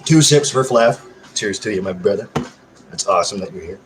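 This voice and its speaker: A man's voice: fairly low pitch, lively intonation, fairly quick, faint music behind. A man chatting with viewers from home on a live stream, joking and swearing in a loose, casual way.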